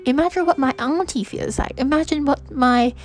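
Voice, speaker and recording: A woman's voice: high-pitched, moderate pace, soft background music, low-quality recording. A young woman hosting a podcast, talking through a personal reflection in a hesitant way with many restarts. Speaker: podcast host.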